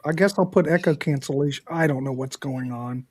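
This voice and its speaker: A man's voice: fairly high pitch, a little fast, darkish tone, slightly rough. A man hosting a live panel stream, talking casually and passing the turn to the next guest. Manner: chatty, flustered by tech trouble, a little profane. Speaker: host. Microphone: streaming mic.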